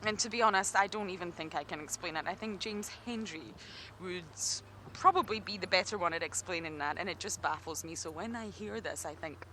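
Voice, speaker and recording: Bright-voiced Scottish woman guide. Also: lowish voice, a little hiss or hum. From Scotland. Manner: chatty, good-humoured, self-mocking. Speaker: safari guide. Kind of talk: live game drive commentary. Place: outdoors in an open game vehicle.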